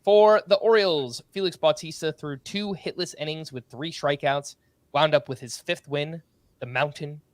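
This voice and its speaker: Male podcast host, casual and brisk, slightly higher voice, dry close mic. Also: no room sound. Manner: brisk, laughs often, reads through stat updates. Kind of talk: casual sports podcast chat.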